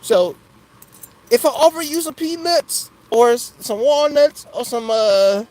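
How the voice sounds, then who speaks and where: A man's voice: very high-pitched, lively intonation, measured pace, darkish tone, low-quality recording. A man hosting a casual livestream, chatting loosely with viewers and laughing often between jokes. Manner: loose and jokey, laughs often, keeps asking "you know what I'm saying". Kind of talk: casual live chat.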